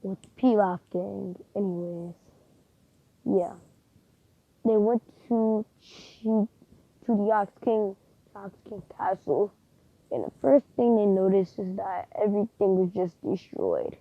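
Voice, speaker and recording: A woman making up a fan story out loud, rambling and hesitant as she thinks of what comes next. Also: mid-range voice, takes it slowly, gravelly, no room sound, muffled recording. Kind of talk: improvised fan fiction narration.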